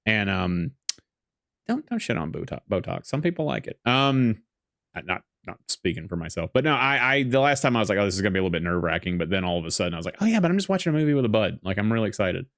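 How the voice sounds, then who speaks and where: A man talks over a movie in a relaxed podcast chat, and his pitch bounces all over as he jokes and rambles. He laughs easily and tells stories loosely. The recording is dry and close. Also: no echo. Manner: joking, rambling, quick laughs. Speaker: podcast guest. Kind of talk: casual movie commentary chat.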